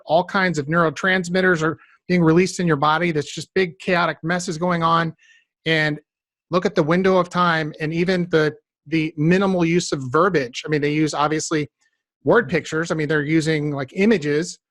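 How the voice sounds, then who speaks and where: A man's voice: fairly high pitch, dry recording, studio quality. A man hosting a business podcast interview, telling stories and speaking directly to his listeners. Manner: animated storytelling, addresses listeners directly. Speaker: podcast host. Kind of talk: conversational interview.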